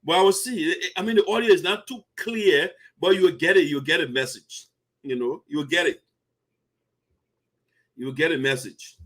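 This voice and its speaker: A man with a Liberian English accent hosting a community commentary show, talking in a casual, animated and indignant way with frequent laughter. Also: on the high side, moderate pace. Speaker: host of diaspora community show.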